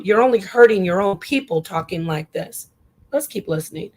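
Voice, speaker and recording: Woman commentary host, indignant and lively, with a mid-range voice. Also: medium pitch, normal speed. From Arizona, US. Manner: animated, indignant, drops into mocking voices. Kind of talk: opinionated commentary.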